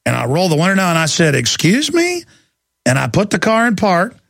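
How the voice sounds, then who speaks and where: A man's voice: on the high side, expressive, fast talker, vocal fry, a bit bright, dry recording. A man in his forties from Texas hosting a political talk radio show, ranting and telling stories in an intense, rambling way. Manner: intense, rambling, emphatic storytelling. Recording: dry studio, faint music.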